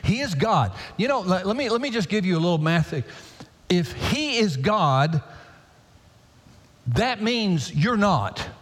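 A man preaching a sermon as pastor, swinging from loud, high pleading to hushed near-whispers. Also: very animated, a little slow, pauses often. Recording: long hall reverb.

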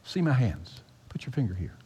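A man voicing a gentle, calm teacher who speaks softly and reassuringly. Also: medium pitch, brisk, breathy edge. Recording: long hall reverb.

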